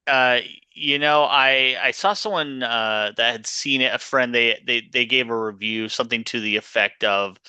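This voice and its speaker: A man with a bright, crisp voice talks films on a podcast, recorded dry and close. He starts haltingly, filling pauses with ums and you-knows. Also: medium pitch, steady tone, dry recording. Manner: hesitant, halting starts with frequent fillers. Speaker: podcast co-host. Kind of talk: casual film review chat.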